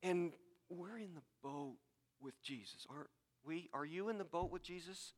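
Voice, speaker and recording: A man's voice: on the high side, normal speed, big-room sound. A man preaching a sermon to his congregation, talking conversationally with repeated words and asides. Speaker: pastor.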